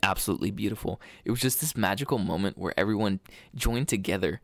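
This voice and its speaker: A man's voice: fairly low pitch, fast, no room sound. A young adult man co-hosting a podcast in casual chat, enthusiastic and rambling, with plenty of slang. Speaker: podcast co-host.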